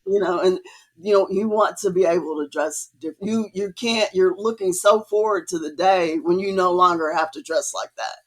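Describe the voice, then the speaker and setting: A woman guest telling her story in a casual interview, chatty and lively, acting out remembered conversations. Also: normal speed. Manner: chatty, acts out quoted dialogue with rising pitch. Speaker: guest artist.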